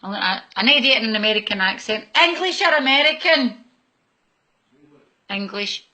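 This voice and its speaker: A woman's voice: fairly high pitch, lively intonation, normal speed, sharp tone. A Scottish woman in her kitchen, swearing at a voice assistant in exasperation. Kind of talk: casual talk at home. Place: home kitchen while cooking.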